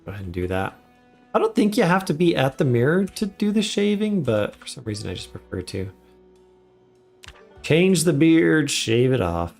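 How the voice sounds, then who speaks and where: A man giving relaxed, chatty commentary while live streaming a game. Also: fairly high pitch, normal speed, creaky, faint music behind. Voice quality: relaxed, chatty, laughs often.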